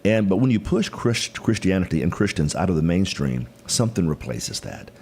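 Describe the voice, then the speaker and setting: A man's voice: sits low, big pitch swings, normal speed, a little mellow, slight background noise. A man from Mississippi, a guest speaking in an earnest, folksy way with plenty of fillers. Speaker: political guest. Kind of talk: casual interview.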